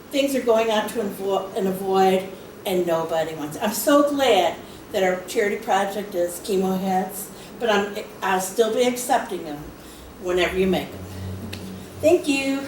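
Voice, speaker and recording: A woman's voice: medium pitch, expressive, normal speed. A woman at a knitting guild meeting, telling stories about donating hats with lots of laughs and fillers. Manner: chatty, laughing storyteller with fillers. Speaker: guild member speaking on charity. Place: meeting hall. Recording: echoey hall from far off, hiss.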